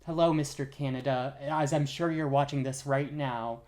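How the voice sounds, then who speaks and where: A young woman co-hosting a podcast in casual chat, gushing and giggly, often jumping into high excited bursts. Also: moderate pace. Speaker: podcast co-host.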